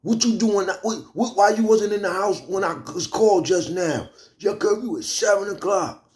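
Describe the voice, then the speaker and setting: A man's voice: mid-range voice, animated, normal speed, warm tone, voice pushed up, natural voice. A man doing a barking, threatening parole officer. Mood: yelling. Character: harsh male parole officer, yelling, antagonizing.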